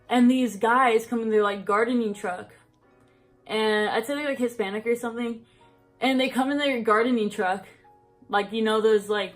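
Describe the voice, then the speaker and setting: A young woman in her vlog, talking in a somewhat high voice and rambling from one story to the next. She peppers every sentence with "like" and breaks into laughs as she goes. Faint music sits under her voice. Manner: rambling, fills speech with "like", laughs often. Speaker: vlogger. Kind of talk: casual storytime chat.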